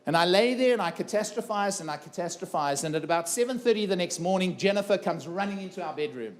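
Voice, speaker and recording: Guy, middle-aged, kinda high voice, earnest keynote talk, keeps repeating himself and asking the room stuff. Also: lively intonation, fast talker. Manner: earnest, repeats phrases for emphasis, asks the audience questions. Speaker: keynote speaker. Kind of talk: personal story told to a live audience. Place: conference room before a live audience.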